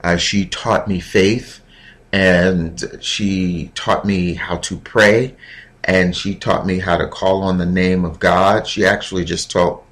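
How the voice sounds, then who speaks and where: A man hosting his own show, talking in a reflective, heartfelt monologue with pauses and fillers. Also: low-pitched, fairly even intonation, a bit bright. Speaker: podcast host.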